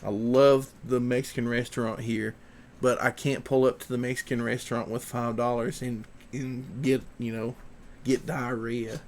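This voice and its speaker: A man's voice: mid-range voice, little pitch movement, normal speed, a little hiss or hum. A man, hosting a livestream podcast in a casual, rambling way, reading viewer comments aloud.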